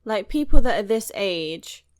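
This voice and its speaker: A woman's voice: mid-range voice, lively intonation, unhurried. British woman, casual reaction host, blunt and sarcastic, filler-heavy rant, mid-range voice. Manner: frank, sarcastic ranting with many "like"s.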